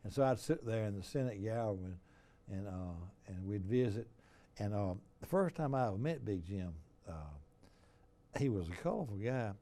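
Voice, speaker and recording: A man's voice: on the low side, lively intonation, moderate pace, dark tone. An older man with an Alabama Southern accent, hosting a casual interview and telling folksy stories. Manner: folksy storyteller. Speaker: host.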